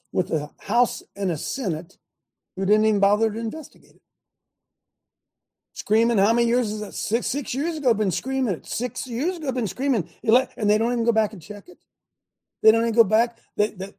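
A man's voice: high voice, warm tone, husky. A man hosting his own political talk show, speaking in a rhetorical, fired-up way and asking the same questions again and again to his viewers. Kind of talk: animated political commentary to viewers.

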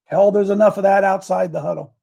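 Gravelly older man, folksy faith talk. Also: high voice, fairly even intonation, brisk, dark tone. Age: 70s. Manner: folksy, rambling, chuckling, speaks straight to viewers. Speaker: host of a daily faith talk show. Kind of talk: casual devotional talk.

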